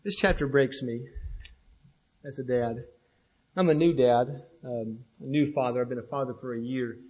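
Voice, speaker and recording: A young man preaching a sermon with impassioned, rhythmic repetition, often dropping softly at the ends of phrases. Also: mid-range voice, moderate pace, slightly rough, lo-fi sound.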